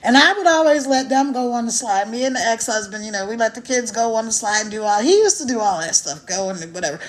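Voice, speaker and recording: A chatty, animated woman with a high voice talks straight into her phone during a casual livestream. She laughs easily and keeps the energy up as she speaks to her viewers. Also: fast talker. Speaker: online business promoter. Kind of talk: casual live-stream chat.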